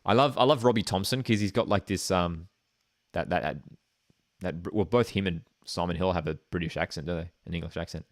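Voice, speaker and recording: A man hosting a live football watchalong stream, commentating and chatting, excitable at big moments. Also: fairly quick, no echo, clean studio sound. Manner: chatty, excitable, jumps up in pitch at key moments.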